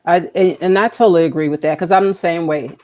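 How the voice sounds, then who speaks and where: A woman's voice: lowish voice, fairly even intonation, fast talker, dark tone. A woman co-hosting a podcast, talking in an earnest, preachy way and repeating words as she makes her point. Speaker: podcast co-host. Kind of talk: casual conversation.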